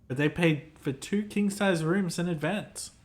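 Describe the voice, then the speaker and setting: A man's voice: a little high, a little slow, pitched above the performer's own voice, natural voice. A man putting on a pompous hotel clerk. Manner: formal, fussy, theatrical. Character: pompous, self-important male hotel clerk. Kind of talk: reading game dialogue aloud.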